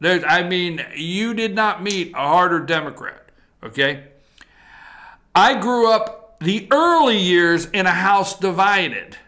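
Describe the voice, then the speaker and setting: A man hosts a talk show in a bright, forceful voice. His pitch sits a little high for a man, and he talks in a blunt, folksy way, straight to his viewers. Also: lively intonation, slow pace. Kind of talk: political opinion talk show. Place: TV studio.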